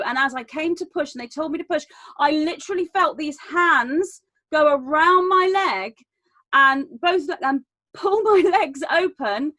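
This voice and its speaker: A woman with a high voice tells a personal story in an earnest, animated way. She often restarts her sentences. The sound is dry and close, with no room echo. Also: a little slow. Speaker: round table guest. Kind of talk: personal storytelling in an online panel.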